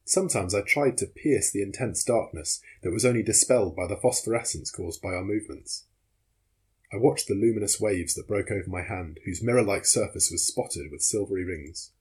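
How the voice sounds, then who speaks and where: A man with a husky voice reading a novel aloud as audiobook narrator, in a measured, steady way. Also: fairly low pitch. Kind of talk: scripted narration.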